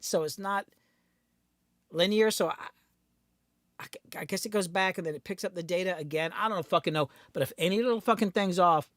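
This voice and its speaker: A middle-aged man with a slightly high voice talks candidly on a casual livestream. His delivery is blunt and peppered with swearing. He is recorded close and dry, with no room sound around him. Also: a bit bright, no echo. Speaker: host, recording engineer and producer.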